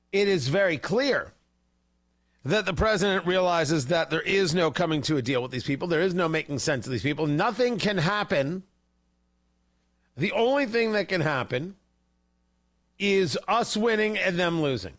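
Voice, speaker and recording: Heated, high-voiced ranting male host. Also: lively intonation, a little slow, a bit bright. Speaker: political commentary host. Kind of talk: livestream political commentary.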